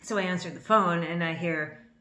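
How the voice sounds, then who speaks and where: Woman in her fifties, lower voice, nervous excited vlog storytelling, roomy echo. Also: normal speed, a little hiss or hum. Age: 50s. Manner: excitable and rambling, with restarts and laughter; a little nervous on camera. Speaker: vlogger. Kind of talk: casual storytelling to camera. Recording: echoey room.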